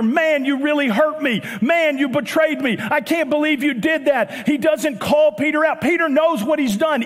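A man with a Southern US accent preaching a sermon as pastor, animated, with joking asides and bursts of shouting. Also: very high voice. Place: church auditorium. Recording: long church hall reverb.

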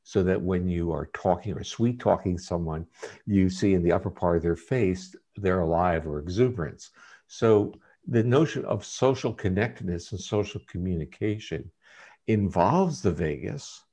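Very low husky man explaining science. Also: mellow. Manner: measured, lecturing explanations. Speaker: guest scientist. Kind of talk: explanatory interview talk.

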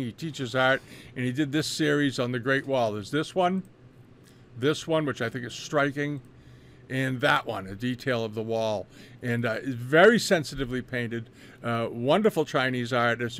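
A man's voice: medium pitch, a little hiss or hum. A man talking through art auction results in a casual, rambling way, full of fillers and restarts. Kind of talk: casual spoken commentary.

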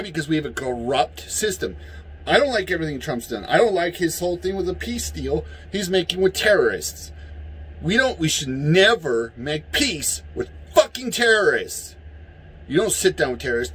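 Angry vlogger, male, high husky voice, swears freely and yells. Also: very animated, moderate pace, low-quality recording. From United States. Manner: heated, profane, yelling at times. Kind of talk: angry political rant.

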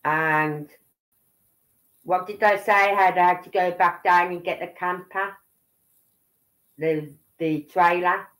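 Her lowish, a bit bright voice stays fairly even in intonation as this middle-aged Brummie woman from Birmingham, England speaks slowly with long pauses. As a livestream host, she rambles chattily through casual commentary, adding "right?" and "you know what I mean". The recording is rough.

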